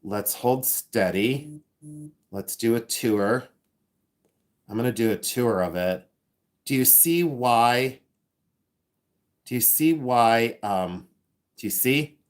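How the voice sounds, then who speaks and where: A talkative man hosting a live stream, excitable and loose, restarting sentences as he thinks aloud. His pitch sits right in the ordinary middle for a man. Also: slow, long pauses. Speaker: livestream host and reseller. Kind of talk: casual live-stream chat reading viewer comments.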